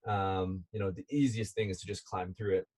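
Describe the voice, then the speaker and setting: A man telling a long outdoor story as a podcast guest, relaxed and chatty, laughing now and then. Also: sits low, brisk, husky. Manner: animated, laughing as he tells a climbing story. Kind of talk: casual storytelling.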